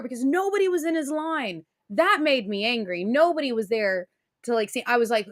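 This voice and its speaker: A young adult woman co-hosting a podcast, telling a story in an animated, excitable way and laughing often. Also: high-pitched, fairly quick, dry recording, studio quality. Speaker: co-host. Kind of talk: casual storytelling chat.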